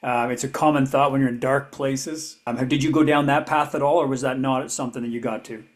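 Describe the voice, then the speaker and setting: A man hosting a podcast, with an ordinary mid-range voice. He asks careful, gentle questions with soft filler hesitations and keeps listeners steady with short affirmations. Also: medium pitch, brisk. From Canada. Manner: brief supportive backchannels, gentle questions. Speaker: podcast host. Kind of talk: interview host.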